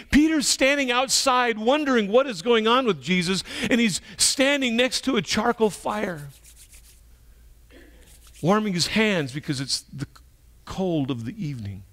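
A male pastor with a very high voice preaches a sermon and retells a story. He moves between hushed, slow passages and emphatic ones.

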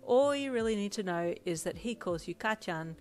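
A woman's voice: mid-range voice, lively intonation, normal speed, a little mellow, natural voice. A woman reading a cheeky, teasing teen boy. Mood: helpful.

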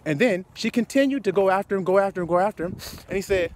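A man's voice: sits high, quick pace, a little hiss or hum. A man preaching a confrontational, profane sermon full of rhetorical questions. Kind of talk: fiery street sermon.

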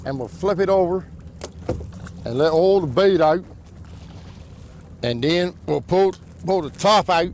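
A man with an Outer Banks brogue, a crab fisherman explaining his work in plain, unhurried talk. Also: high-pitched, darkish tone, a little hiss or hum.

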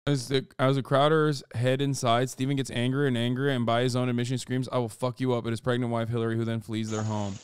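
A man's voice: mid-range voice, flat delivery, fast talker, few pauses, clear, resonant tone, dry recording. Profane, incredulous streamer man. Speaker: streamer and commentator. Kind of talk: casual reaction commentary, reading an article aloud.

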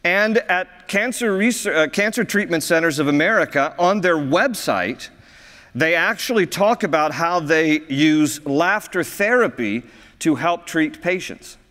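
A man with a notably high voice preaches to his congregation. He tells his stories with cheerful humor and often breaks into laughter at them. The sound carries the long reverb of a church sanctuary. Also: lively intonation, unhurried, bright, forceful tone. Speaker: pastor. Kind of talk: sermon with humorous storytelling.

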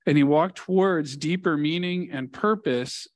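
A man's voice: on the high side, measured pace. A male pastor preaching a sermon in a church, telling a story earnestly and leaning hard on key words. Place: church sanctuary.

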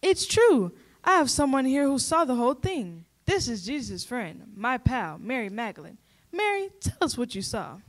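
A woman's voice: fairly high pitch, big pitch swings, unhurried, heavily acted. A woman playing an eager, insistent female field reporter in an amateur church skit.

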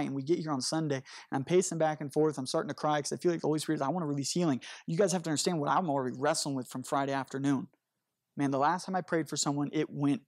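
A man with a fairly high voice preaches as a pastor from a church stage, delivering an earnest, conversational sermon to his congregation through stories. He's animated and sometimes rushes in bursts, and the studio sound is clean with no echo.

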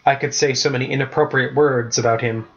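A man's voice: mid-range voice, fairly even intonation, fairly quick, a bit bright, highs cut off, close to an everyday voice. A man voicing a huffy, grumbling girl soldier in a storybook reading.

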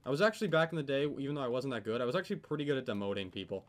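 A man's voice: mid-range voice, expressive, racing. Young man swearing through gameplay commentary. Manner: swears a lot, yells when frustrated. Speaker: gaming commentator.

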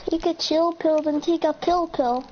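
A woman's voice: very high voice, fairly even intonation, moderate pace. A woman gamer teasing and bossing her teammates during an online shooter match, jokingly threatening to kick them. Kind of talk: casual chat while playing an online shooter. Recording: muffled lo-fi mic with loud clicking noise.

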